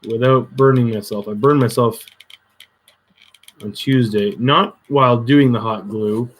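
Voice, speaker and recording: A man's voice: mid-range voice, steady tone, measured pace. A man chatting casually on a crafting livestream, muttering to himself as he works, with dry sarcastic asides.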